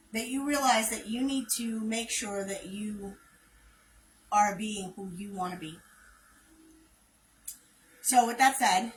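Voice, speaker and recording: A woman's voice: a little high, roomy sound, slight background noise, rough recording. A woman hosting a casual livestream chat, playful and chatty. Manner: playful, chatty, laughs often. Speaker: channel host.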